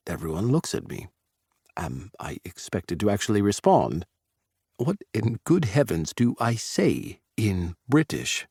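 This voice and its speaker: A man narrating a romance audiobook in the first person with an expressive reading. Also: on the low side, measured pace, no echo, clean studio sound.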